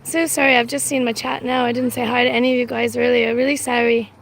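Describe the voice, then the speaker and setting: A woman live-streaming from outdoors, chatting casually to her viewers in a rambling, halting way. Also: fairly high pitch, flat delivery, gravelly, low-quality recording. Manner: rambling and halting, full of restarts. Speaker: livestreamer. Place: outdoors on a windy street. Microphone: phone livestream, audio only. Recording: loud wind and street noise.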